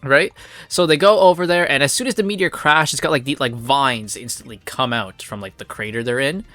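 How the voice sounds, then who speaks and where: A man's voice: mid-range voice, fairly quick, a bit bright, no room sound, faint music behind. A man giving a casual, rambling review of a comic, full of fillers and blunt swearing.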